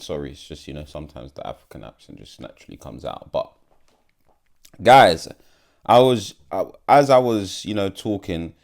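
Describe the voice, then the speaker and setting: A man giving a blunt, profane fight prediction in a casual vlog, often repeating himself. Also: low-pitched. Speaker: MMA YouTuber.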